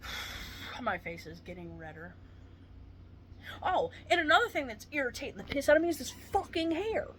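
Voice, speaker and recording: A woman who is a retired paramedic, in pain and venting to camera with swearing and dark jokes. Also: high voice, very animated, normal speed, pauses often, slight background noise. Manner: swearing, exasperated, darkly joking.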